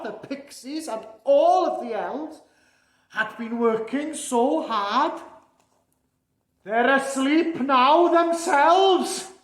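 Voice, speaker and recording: Jolly old Santa Claus, played by a man, reads a storybook to children at a slow, easy pace. He keeps breaking off to chuckle and chat with his young listeners. The voice rings in an echoey room. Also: very high voice, fairly bright tone, full character voice.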